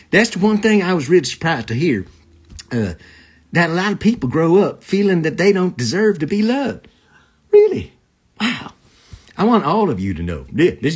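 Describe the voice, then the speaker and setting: A man's voice: on the high side, breathy edge. A man hosting a comedy live stream into a phone camera, rambling from joke to joke and greeting viewers as they join.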